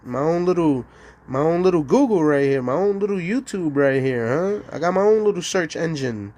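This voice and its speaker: Male streamer, fairly high voice, heated profane rant with scattered laughs. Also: lively intonation, moderate pace, dark tone. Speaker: livestream host.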